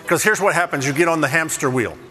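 A man preaching with a bright, forceful voice that rings through a big hall with long reverb. He tells jokey, self-deprecating stories in an animated way. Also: fairly high pitch, fast talker. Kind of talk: humorous sermon storytelling.

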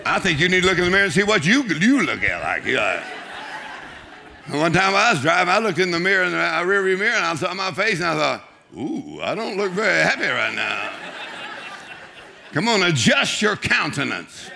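A man preaching a humorous sermon, joking and urging the congregation on with shouts and laughter. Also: sits high, big pitch swings, a little fast, creaky, slight background noise.

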